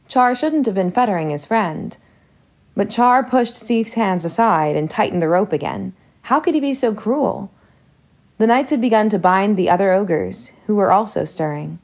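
Storybook narrator, woman, steady and measured, gravelly fry. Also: mid-range voice. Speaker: audiobook reader.

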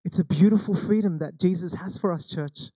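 A man's voice: high-pitched, fairly quick, dark tone, slightly rough, dry recording. An Australian man preaching a sermon as senior pastor, telling stories in a conversational way and acting out the quoted lines. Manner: conversational storytelling with acted quotes.

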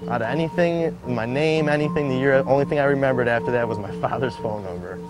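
A man's voice: mid-range voice, quick pace. Rambling man telling his story over music. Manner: rambling, filler-heavy, acts out quoted voices. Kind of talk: casual spoken storytelling. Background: background music.

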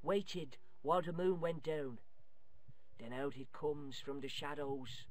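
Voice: mid-range voice, slow pace, no echo, natural voice. An actor voicing a cheeky, mouthy young Irish boy in a video game, with an Irish accent and a brash, boastful way of talking. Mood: spooky storytelling. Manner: brash, boastful, tall-tale telling.

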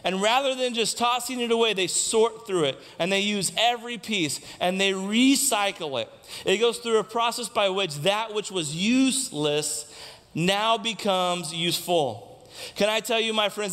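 A man's voice: sits high, normal speed, fairly bright tone. A male pastor preaching a sermon, asking the congregation questions and repeating key lines for emphasis. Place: church sanctuary. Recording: long reverb of a church hall.

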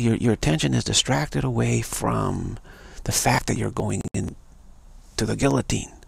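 A man's voice: medium pitch, creaky, slightly rough, no room sound. A man giving an emphatic, repetitive live-streamed monologue, warning his listeners again and again. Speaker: speaker of a live-streamed show.

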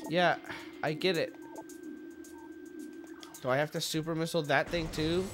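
A man's voice: fairly high pitch, steady tone, unhurried, music in the background. A young man hosting a let's play, commentating with jokes, swearing and sudden yelps at the game. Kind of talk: gameplay commentary.

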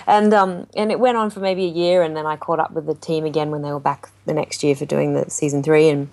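A woman's voice: low-pitched, brisk. A woman, a jazz singer, telling a story in a casual interview and acting out what people said. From Australia. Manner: animated storytelling with acted-out quotes.

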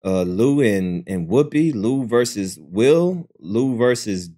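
A man hosting a live stream, recapping in a loose, profane, slangy manner and swinging between a low drawl and high squeals. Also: lively intonation, slow, warm tone. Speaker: livestream host. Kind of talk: casual live-stream commentary.

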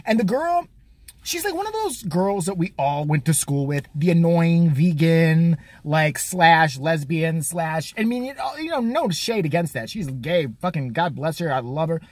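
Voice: mid-range voice, big pitch swings, a little mellow, no room sound. A vlogger delivering a crude, mocking, profane comedic rant. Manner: crude, mocking, fast-talking.

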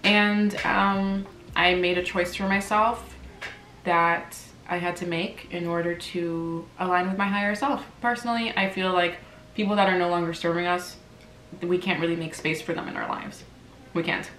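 Eating at her table at home, this twenty-something Canadian vlogger talks casually and openly at a normal speed. Her fairly low voice stays steady and slightly bright. The room echoes, with faint clatter from the kitchen.

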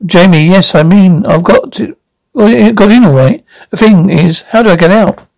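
A man's voice: high voice, normal speed, creaky, darkish tone, dry recording, poor audio. Guy doing a nervous young lad, stammers a lot, dry sound. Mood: anxious. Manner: stammering, anxious.

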